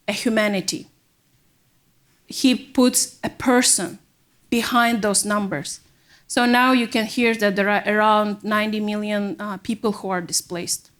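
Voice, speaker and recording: Earnest woman from Kyrgyzstan. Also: mid-range voice. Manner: earnest, emotional, halting non-native phrasing. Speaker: panel speaker. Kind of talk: personal testimony at a public event. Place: university event hall.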